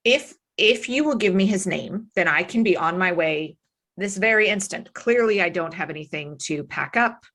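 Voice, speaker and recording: A woman's voice: fairly low pitch, animated, moderate pace, a bit bright. A woman voicing a haughty, impatient male scholar who speaks in a formal, condescending way. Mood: insistent.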